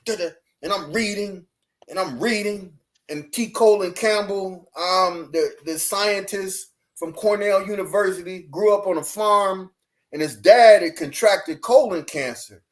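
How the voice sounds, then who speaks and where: A man with a notably high-pitched voice tells a personal story as a guest on a podcast. He talks in a lively, animated way and laughs easily as he goes. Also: unhurried. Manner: lively, laughing, acts out dialogue in his story.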